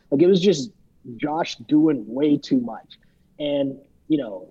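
Husky man with a dull lo-fi sound. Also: a little high, mellow. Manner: rambling, joking, imitates people he talks about. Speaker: podcast co-host. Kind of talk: casual podcast recap chat.

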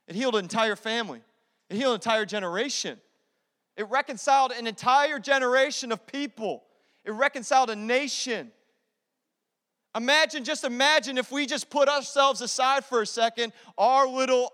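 Man, young adult, pastor's sermon, high voice, long hall reverb, loud to hushed swings. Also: a little fast, clear, resonant tone. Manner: animated, swings from loud preaching to hushed asides.

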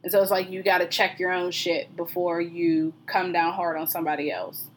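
A woman's voice: on the low side, level tone, moderate pace, slight background noise. A young woman co-hosting a podcast, talking bluntly and candidly in casual chat, swearing freely. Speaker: podcast co-host.

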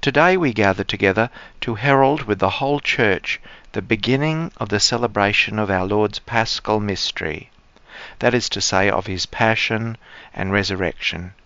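A man leading liturgical prayers and reading the Gospel aloud as a priest, in a solemn, measured way. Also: fairly low pitch, a bit bright, smooth, dry recording, muffled recording.

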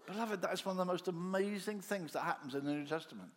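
A man preaches a sermon, talking fast and telling the story with animation. He acts out the disciples' voices and drops to soft, low tones for the quiet lines, and a long hall reverb surrounds him.

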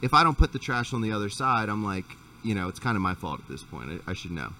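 A man with a lowish voice tells a long, swear-filled story in casual podcast chat, rambling and restarting as he goes. He sits a bit back from the mic, and faint background noise is heard. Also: sing-song, quick pace, bright, forceful tone, recorded from a distance. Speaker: podcast host.

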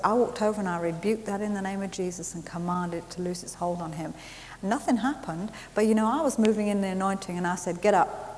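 A woman preaching a sermon, telling a lively story and laughing at herself along the way. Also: medium pitch. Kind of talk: sermon with testimony. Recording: hissy recording in a reverberant hall.

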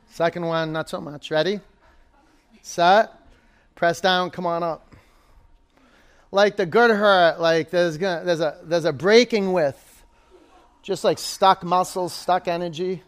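Guy yoga teacher, kinda high voice, counting down poses and pushing the class along. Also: clear, resonant tone. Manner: counts down poses, coaching and encouraging students by name. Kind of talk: instructing a live yoga class.

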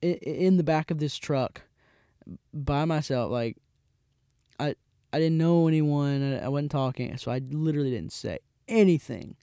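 A man's voice: on the high side, moderate pace, clear, resonant tone, no room sound. Dry-voiced young man telling a rambling story. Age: 20s. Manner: rambling, with frequent restarts and animated quoted voices. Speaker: podcast host. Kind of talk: casual storytelling.

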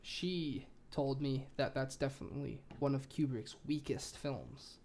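A man co-hosting a podcast in relaxed, teasing banter with plenty of swearing, on a podcast microphone. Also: mid-range voice, measured pace, a little hiss or hum. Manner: laid-back, teasing, profane. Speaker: podcast co-host. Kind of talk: casual chat.

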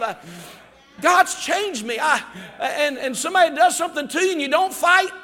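A man preaching a fervent sermon as pastor, swinging between shouted peaks and quiet, low asides. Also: expressive, moderate pace. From Ohio. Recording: reverberant church hall.

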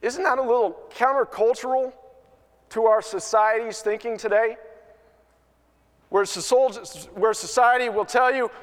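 High pitched guy preaching in a church, lots of echo trailing off. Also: fairly even intonation, measured pace, pauses often. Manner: storytelling, earnest, with repeated restarts. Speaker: pastor. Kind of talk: sermon.

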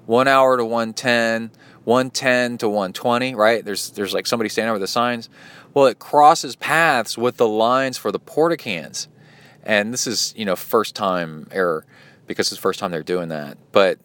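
A male podcast host tells a story in a loose, rambling way, full of fillers and restarts. His voice sits a bit low and sounds smooth and clear. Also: fairly bright tone. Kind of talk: casual spoken race recap.

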